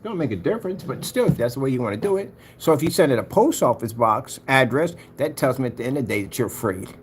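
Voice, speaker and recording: A man ranting in a taunting, mocking way to his viewers, jumping between loud jabs and low mutters. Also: animated, fast, a little hiss or hum. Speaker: vlogger. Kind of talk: ranting monologue to camera.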